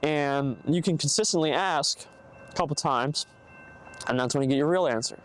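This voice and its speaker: A man's voice: fairly high pitch, moderate pace, clear, resonant tone. Earnest young man giving rambling advice. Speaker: podcast host. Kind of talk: casual solo podcast monologue. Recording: faint background noise, bad mic.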